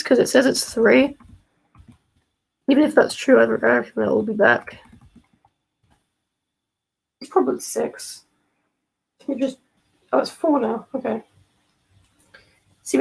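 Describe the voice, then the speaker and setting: A woman's voice: a little high, steady tone, moderate pace, creaky, long pauses, a little mellow, husky, rough recording. A woman chatting casually on a live stream. She rambles, jokes and gets easily sidetracked.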